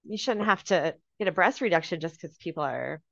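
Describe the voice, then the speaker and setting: Woman guest co-host, lively swings, quick to agree and laugh, dry muffled recording. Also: on the low side, gravelly, dry recording. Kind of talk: casual movie commentary chat. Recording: dull dry lo-fi mic.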